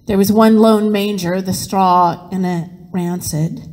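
Slow, mellow woman pastor preaching. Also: medium pitch. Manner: slow, expressive storytelling. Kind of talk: sermon with dramatic reading. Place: church sanctuary. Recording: reverberant church sanctuary.

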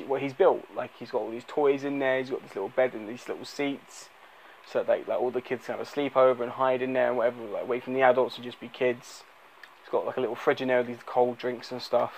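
Male reviewer, mid pitch, loose unscripted delivery with lots of fillers. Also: poor audio. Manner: rambling, many fillers and restarts. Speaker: movie reviewer. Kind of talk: unscripted spoken movie review.

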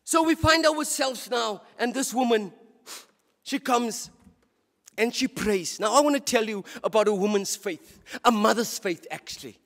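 A South African man preaches a sermon in a church, his voice pitched unusually high for a man. He talks with fervour, trips over words and repeats them before pushing on. His voice rings out with a long reverb through the church. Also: unhurried, fairly bright tone. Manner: impassioned, with frequent stumbles and repeated words. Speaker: deacon preaching.

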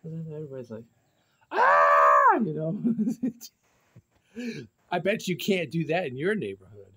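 A man vlogging from his bedroom in rambling casual chat, goofy and playful, bursting into loud shout-outs. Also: a little high, sing-song, unhurried, breathy edge.

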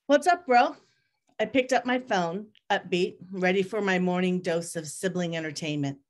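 A woman author reading her own memoir aloud in a measured, reflective, steady way. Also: lowish voice.

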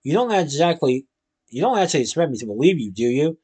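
A man's voice: on the high side, sing-song, quick pace, darkish tone, husky. A man reading as a blunt, skeptical orphan girl. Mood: exasperated.

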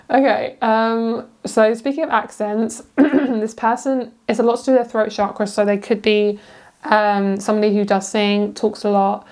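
Young British woman, chatty tarot reader, casual and giggly, mid-pitched. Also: steady tone, measured pace, darkish tone. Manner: chatty, giggly, rambling with fillers. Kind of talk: casual pick-a-card tarot reading.

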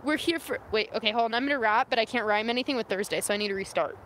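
A young woman from San Francisco races through her words in a fairly high, slightly bright voice. She chats casually and reads viewer comments during a live stream from the wilderness. The phone camera captures faint outdoor noise.

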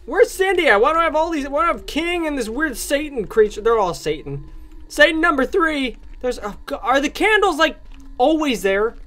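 A man hosting a gaming channel, giving excitable let's play commentary on a horror game and ranting at it in jest. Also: very high voice, normal speed.

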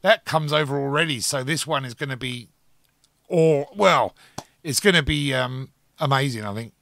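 Excitable bright-voiced radio host. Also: male voice, mid-range voice, moderate pace, creaky. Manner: eager, excitable, stumbles over words. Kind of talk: radio show chat.

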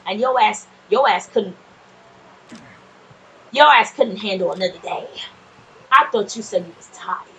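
A woman casually commenting on her gameplay, chatty and quick to swear, often laughing and talking back to the game's characters. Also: mid-range voice, bright, forceful tone, low-quality recording. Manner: nervous and jumpy in scary moments. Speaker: gameplay streamer. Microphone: desk microphone.

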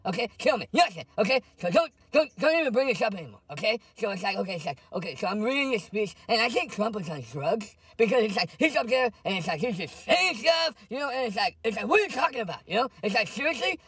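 A man's voice: high voice, very animated, quick pace, few pauses, fairly bright tone, slightly rough, dry recording, distant mic, heavily acted. A man voicing a drunk, indignant older female politician who rambles and keeps repeating "it's like" and "okay". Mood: ranting drunk. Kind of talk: comedic parody rant.

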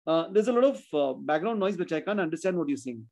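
A man's voice: on the high side, lively intonation, fast talker, gravelly, a little mellow. A man teaching a spelling class over a video call, explaining rules step by step, correcting students and mixing in Hindi. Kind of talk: online class lesson.

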